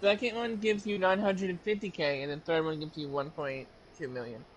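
Gaming friend, male, high voice, rambling casual explainer. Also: fairly even intonation, fairly quick, a little hiss or hum, rough recording. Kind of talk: casual gameplay chat.

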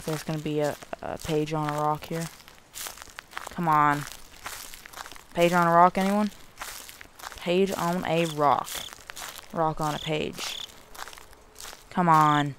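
A young adult gamer giving panicky, muttered commentary while playing a horror game. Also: medium pitch. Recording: noisy home recording.

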